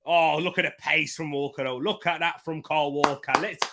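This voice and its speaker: An excitable young man calls a football match live for his viewers over a desk microphone. His voice sits a touch high, and he flips between running commentary and loose chat, bursting out loudly when a chance comes. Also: moderate pace, noisy background. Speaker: watchalong host.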